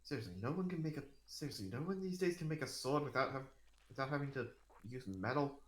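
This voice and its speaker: A man's voice: mid-range voice, animated, fast talker. A man playing in a tabletop game, joking, with hesitant restarts. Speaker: player. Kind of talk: casual tabletop game chat.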